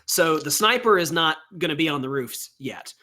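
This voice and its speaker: Halting, bright-voiced man narrating as game master. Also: a little high, expressive. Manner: halting, thinks aloud while describing scenes.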